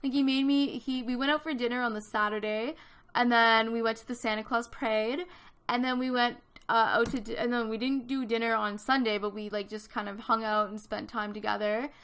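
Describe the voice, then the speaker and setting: Bright-voiced chatty woman in her twenties. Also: a little high, fairly even intonation, brisk, smooth. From Canada. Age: 20s. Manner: chatty storytelling, lots of fillers. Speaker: gaming vlogger. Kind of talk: casual chat over a speed build.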